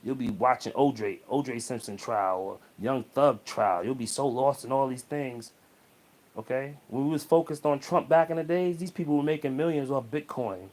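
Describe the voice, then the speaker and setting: A man's voice: mid-range voice, normal speed, darkish tone. Man giving casual motivational pep talk. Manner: preachy, repeats phrases, checks in with "okay?". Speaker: motivational vlogger.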